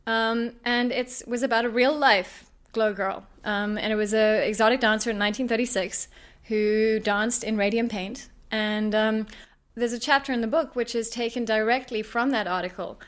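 A woman's voice: fairly high pitch, steady tone, normal speed. A woman novelist and former journalist answering interview questions in a chatty way, full of restarts and fillers.

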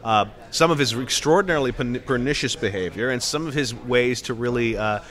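A man's voice: medium pitch, brisk, fairly bright tone. A man hosting an interview, asking long, rambling questions full of stammers and restarts. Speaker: podcast host, interviewer. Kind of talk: conversational interview.

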